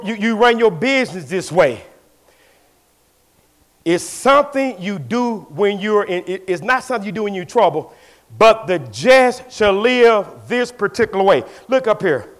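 A man pastor preaching a sermon in a church, moving from quiet storytelling to shouted call-and-response. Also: high voice.

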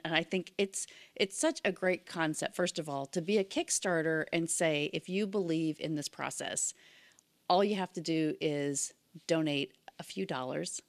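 A woman co-hosting a casual chat, talking in an enthusiastic, upbeat and rambling way. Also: low voice.

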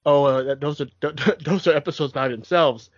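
A man's voice: fairly high pitch, moderate pace, no room sound, highs cut off. A young adult man co-hosting a podcast, rambling a little with restarts as he talks film history. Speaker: podcast co-host. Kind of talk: casual chat.

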